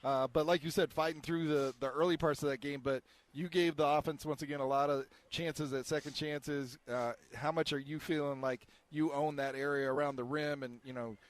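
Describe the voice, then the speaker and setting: A man with a fairly high voice for a man hosts a postgame sports show. He asks the player questions in a friendly way and drops in light jokes. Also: steady tone, brisk, few pauses.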